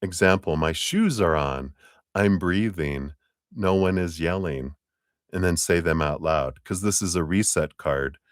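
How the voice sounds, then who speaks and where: A man with a very deep voice takes his time, talking slowly through a live tarot reading. He is chatty and easygoing, chuckling often and clearing his throat. The sound is dry and close. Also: no room sound. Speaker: tarot reader.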